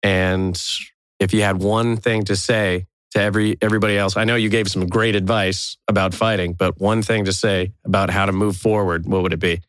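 A male podcast co-host with a fairly low voice, keeping the chat going with encouragement and agreement. The sound is close and dry. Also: flat delivery, no echo. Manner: encouraging, quick to agree and laugh.

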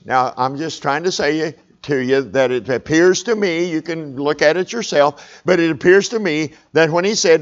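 A man's voice: on the high side, fairly quick, few pauses, lo-fi sound. A man preaching a sermon, telling a story conversationally and calling for amens.

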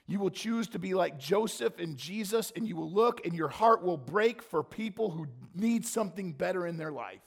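A man preaching a sermon, swinging from quiet reflection to impassioned, near-shouted emphasis. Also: sits high, normal speed, gravelly, few pauses. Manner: impassioned, rising to near-shouting when voicing scripture. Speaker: pastor.

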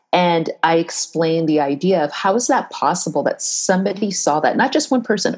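A woman with a husky, slightly low voice speaks in a casual interview. She is earnest and direct, grows animated when telling stories, and often checks in with a quick "right?". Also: poor audio. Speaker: diversity and bias trainer, interview guest. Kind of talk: casual interview talk with storytelling.

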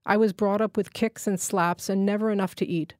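A woman's voice: medium pitch, fairly even intonation, fairly quick, darkish tone, no room sound, clean studio sound, lightly acted. A woman reading as a dying robber begging for mercy. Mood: desperate. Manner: begging, weak and tearful. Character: dying young male motorcycle robber, pleading. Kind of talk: literary reading.

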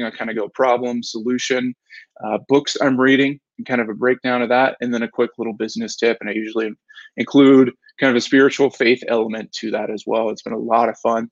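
A man in his thirties speaks in a relaxed, rambling way, sharing a devotional with the habit of starting over mid-sentence. His voice has a gravelly, creaky edge. The recording is dry and a little dull. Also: medium pitch, no room sound. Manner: rambling, restarts and self-corrections, reflective. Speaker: devotional speaker, business owner and father. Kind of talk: casual devotional talk to camera.

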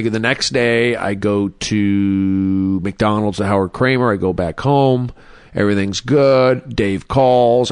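Comedian guest, male, gravelly low voice, rambling casual storyteller, close dry mic. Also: no room sound. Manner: rambling, full of "like" and restarts. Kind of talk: casual storytelling in a podcast interview.

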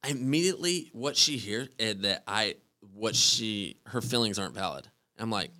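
A man talking as a podcast guest, earnest and halting, often restarting his sentences. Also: on the low side, expressive, bright, forceful tone, dry recording, studio quality. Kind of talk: casual conversation.

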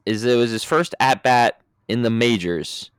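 A man co-hosting a casual sports podcast, relaxed and rambling as he talks through the games. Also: mid-range voice, a little slow, smooth, no echo. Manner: relaxed, rambling, frequent fillers. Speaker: podcast co-host.

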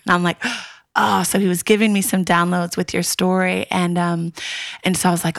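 Host: woman, lowish gravelly voice, dry close sound, upbeat chatty delivery. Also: little pitch movement, moderate pace, dry recording. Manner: upbeat, chatty, laughs often. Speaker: podcast host. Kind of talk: casual podcast chat and read ad. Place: Australia.

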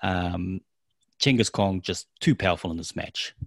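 A man with a New Zealand accent, co-hosting a show and casually recapping events step by step with frequent pauses. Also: sits low, no echo. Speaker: co-host of a wrestling recap show. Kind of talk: casual chat.

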